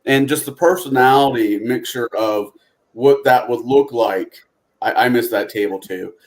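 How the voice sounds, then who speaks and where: Man, podcast co-host, rambling and reflective, mid-pitched. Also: unhurried. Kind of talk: casual podcast chat.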